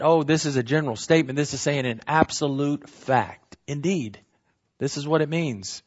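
A man's voice: fairly high pitch, muffled recording. A man teaching a verse-by-verse Bible study, earnest and emphatic, repeating key phrases and correcting himself as he explains.

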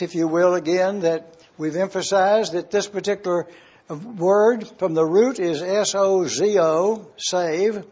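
A man teaching a Bible study, praying and then slowly spelling out Greek words letter by letter. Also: fairly high pitch, darkish tone, breathy edge, lo-fi sound. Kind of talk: Bible study lecture with opening prayer.

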